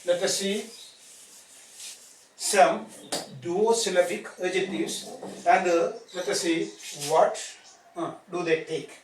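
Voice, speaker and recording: A man's voice: high voice, fairly even intonation, slow, long pauses. A man teaching a grammar lesson, spelling words letter by letter and asking "isn't it?" after each point. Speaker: English teacher. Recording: echoey room, distant mic, faint hiss.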